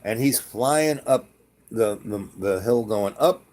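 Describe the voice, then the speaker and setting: Male storyteller, lowish voice, casual rambling anecdote with lively acted-out quotes. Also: slow pace.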